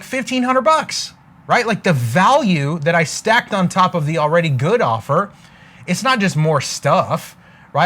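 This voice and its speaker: A man coaches business in a motivational style, drawing on a board while he speaks emphatically. His voice is high and a bit bright, and he repeats catchphrases and keeps checking in with "okay?"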